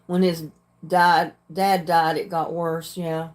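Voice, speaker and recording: An older woman, hosting a casual livestream and answering viewer comments in a frank, plainspoken way, often clearing her throat. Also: sits low, flat delivery, slow. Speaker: livestream host.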